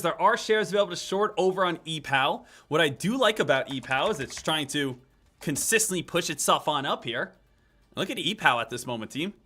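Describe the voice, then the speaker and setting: A man's voice: high voice, pushed and bright. A man hosting a live stock trading stream, chatting casually and repeating each ticker call over and over. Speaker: stock trading livestream host.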